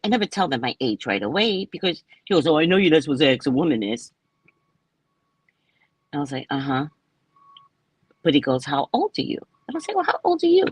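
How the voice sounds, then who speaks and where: A woman's voice: low-pitched, breathy edge, no room sound, poor audio. A woman in her sixties, a psychic host, chatting casually to viewers and acting out the people in her stories. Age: 60s. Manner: animated, chatty, acts out quotes. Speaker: psychic reader and live host.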